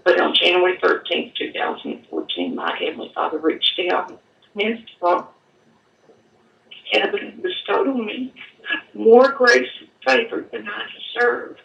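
A woman giving an earnest personal testimony, halting and at times choked up, in an echoey room away from the mic. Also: lowish voice, animated, creaky, distant mic, dull audio. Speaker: guest telling her story.

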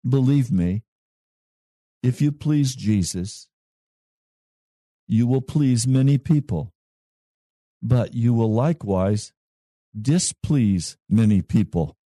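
A male pastor preaching a sermon in a slow, measured way with long pauses. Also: medium pitch, expressive, mellow, dry recording, studio quality.

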